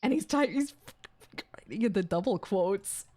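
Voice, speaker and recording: A young adult woman streamer reading a visual novel aloud on a gaming stream, excitable and swearing between gasps and laughs. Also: mid-range voice, moderate pace.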